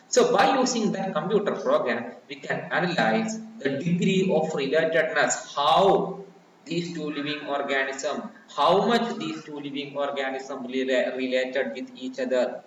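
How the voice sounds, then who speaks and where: A man lecturing over slides, explaining step by step, often restarting his sentences and filling pauses. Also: medium pitch, fairly bright tone. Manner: repetitive, many restarts and fillers. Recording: very echoey, distant, muffled, faint background noise.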